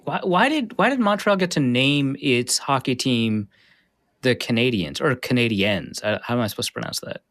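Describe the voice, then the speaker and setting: A man from Minnesota hosts a casual podcast chat, his voice bright and clear. He talks with a lively, swinging pitch and drops wry, teasing jokes into the conversation. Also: brisk, hardly any pauses. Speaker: podcast host.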